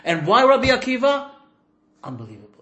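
A man's voice: very high-pitched, big pitch swings, fairly quick, fairly bright tone, roomy sound, muffled recording. A man leading an informal religious class, telling stories and acting out the dialogue with bursts of laughter. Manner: storytelling, acts out dialogue with laughing outbursts. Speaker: rabbi teaching a class.

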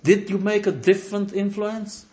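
Animated male teacher in an echoey room. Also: sits high, normal speed. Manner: animated, swings from loud to soft; engages students with questions. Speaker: religious teacher. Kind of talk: classroom lesson.

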